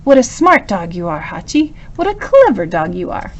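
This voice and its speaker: A woman's voice: on the low side, huge pitch swings, normal speed, highs cut off, slight background noise. A woman voicing a kindly male professor who speaks tenderly to his dog, coaxing and praising him. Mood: affectionate. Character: gentle kindly professor, man, dog owner.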